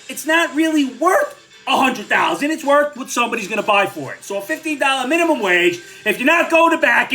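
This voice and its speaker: Older male vlogger, blunt and sarcastic, very animated pitch, faint music under. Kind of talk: ranting commentary vlog.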